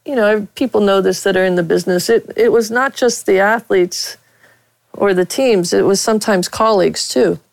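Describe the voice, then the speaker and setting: A woman's voice: medium pitch, moderate pace, vocal fry, no room sound, low-quality recording. A middle-aged woman from Pittsburgh, a veteran sportswriter, telling frank stories with a blunt, candid manner as an interview guest.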